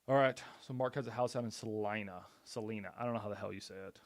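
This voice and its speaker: A man's voice: medium pitch, racing, no room sound. Male real estate streamer, blunt and punchy sales patter with loose casual talk, middle voice, dead-dry room. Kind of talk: casual live-stream commentary while cold-calling.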